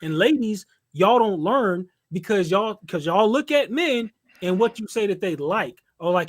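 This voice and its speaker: A man from California in a casual podcast discussion, animated, blunt and opinionated, laughing often. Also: sits high, moderate pace, few pauses. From California, United States.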